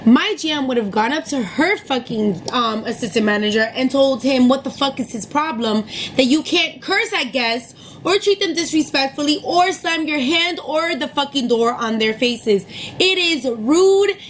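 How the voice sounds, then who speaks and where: Young woman, high voice, casual storytime rant, profane and heated, light room hum. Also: normal speed, rough recording. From New York City area. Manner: profane, heated, animated retelling. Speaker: vlogger telling a story.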